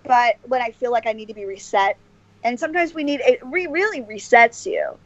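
A woman's voice: a little high, animated, a little fast, no echo. Earnest rambling woman guest, dry lo-fi sound. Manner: earnest, rambling, many restarts and fillers. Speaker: podcast guest. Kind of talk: casual interview chat.

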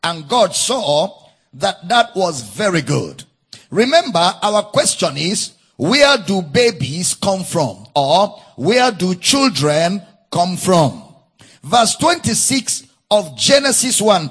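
A preacher with a Nigerian English accent teaching from the Bible, reading verses in a singsong way and repeating key phrases for emphasis. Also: male voice, sits high, sing-song, slow, fairly bright tone, husky.

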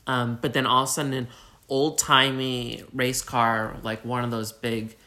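A man's voice: mid-range voice, flat delivery, unhurried, sharp tone. A man co-hosting a podcast, recapping a story in casual, rambling, jokey chat full of fillers. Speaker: podcast co-host.

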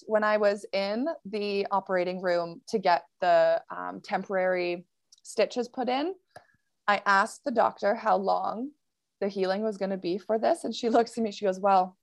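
A woman guest recounting a personal story on a podcast, casual and animated, filling gaps with "um" and "like". Her voice sits at an ordinary middle pitch. It is recorded close, with a dry, dead sound. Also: no echo. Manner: animated, laughs often, many fillers.

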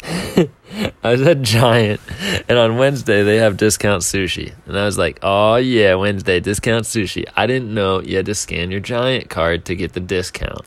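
A man's voice: lowish voice, vocal fry. A young man telling a casual, self-mocking story, rambling along with filler words and restarts. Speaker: speaker telling a timed anecdote.

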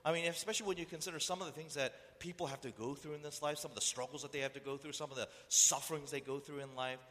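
A man's voice: on the high side, fairly even intonation, quick pace, a bit bright. A man preaching a sermon who keeps asking the listeners rhetorical questions. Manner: rhetorical questions, acts out voices. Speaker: pastor. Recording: echoey hall reverb.

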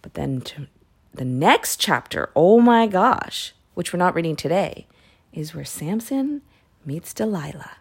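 Woman, low-pitched, relaxed devotional podcaster, conversational Bible retelling full of asides. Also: unhurried, gravelly, slightly rough. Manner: chatty, with self-corrections and asides. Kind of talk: casual Bible story retelling.

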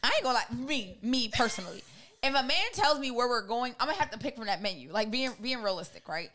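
A woman co-hosting a podcast in casual chat, brash and profane, telling animated stories. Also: fairly high pitch, fast talker. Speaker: podcast co-host.

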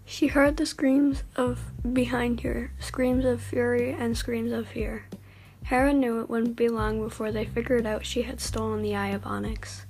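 A woman reads her own fan story aloud on her channel with a fairly high voice. Her reading is casual and unpolished, with slips and self-corrections along the way. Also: flat delivery, unhurried, darkish tone.

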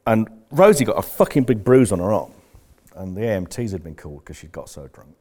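A man's voice: fairly low pitch, very animated, a little fast, darkish tone. A man coaching business members in a candid, rambling talk, swearing bluntly as he tells stories.

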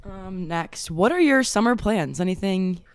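High-voiced polite teenage boy host. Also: expressive, unhurried, clean tone. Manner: polite and plain, asks short questions. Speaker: student podcast host. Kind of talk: casual interview.

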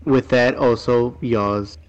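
Slow, hesitant man with muffled sound. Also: medium pitch, steady tone. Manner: hesitant, curious questioner with fillers. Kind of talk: casual group chat.

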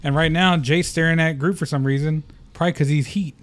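A man's voice: a little high, fairly even intonation, a little fast. A young man hosting a casual podcast, upbeat and teasing. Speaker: podcast host. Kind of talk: casual chat.

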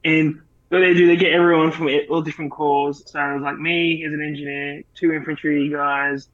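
Aussie guy rambling casually, crude jokes, slightly high voice, dull sound. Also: level tone, fairly quick, fairly bright tone. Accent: Australian. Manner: laid-back, profane, rambling. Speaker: podcast co-host. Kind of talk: casual chat.

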